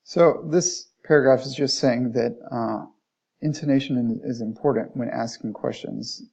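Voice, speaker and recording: A man's voice: medium pitch, moderate pace, creaky, mellow, slightly rough. A man teaching an Arabic lesson, reading from a textbook, explaining it in plain words and modeling Arabic phrases. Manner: reads passages aloud, then restates them plainly, modeling Arabic phrases. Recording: dull lo-fi recording.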